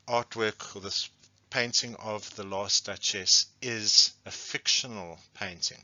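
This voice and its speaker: A man's voice: lowish voice, steady tone, a little slow, sharp tone, dry recording, dull audio. A man, an English teacher giving a recorded poetry lesson, who explains patiently and often restates points.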